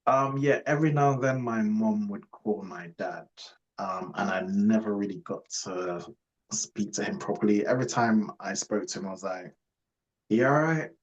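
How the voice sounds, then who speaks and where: A young man from Jamaica telling his life story in a casual interview, relaxed and rambling with many fillers. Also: lowish voice, normal speed, muffled recording. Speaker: guest.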